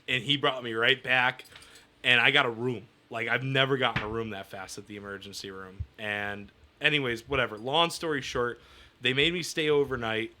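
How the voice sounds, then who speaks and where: A man's voice: mid-range voice, sharp tone, a little hiss or hum. A young man telling a crude personal story in casual chat, rambling and laughing as he goes. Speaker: comedian guest.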